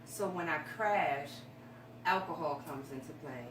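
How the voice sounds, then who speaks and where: A woman's voice: low-pitched, measured pace. A woman guest on a talk show, speaking candidly and emotionally about her life, a bit rambling. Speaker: guest sharing her story. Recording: echoey room, distant mic, noisy.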